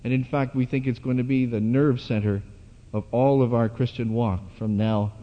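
A man preaching a sermon at a church gathering, speaking haltingly with many fillers and restarts. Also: mid-range voice, fairly even intonation. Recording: dull lo-fi hall recording.

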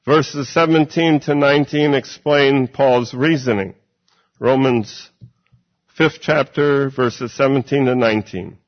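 A male preacher delivering a sermon at an unhurried, careful pace, weighing each phrase as he reads scripture and explains it. His voice sits at an ordinary middle pitch. The recording is dull and lo-fi, with the highs rolled off. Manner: measured and deliberate.

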